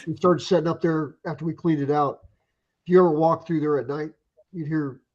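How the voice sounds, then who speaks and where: Husky, reflective former drill instructor. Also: male voice, a little high, steady tone, muffled recording. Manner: measured, reflective, soft-spoken. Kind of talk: casual reminiscing chat.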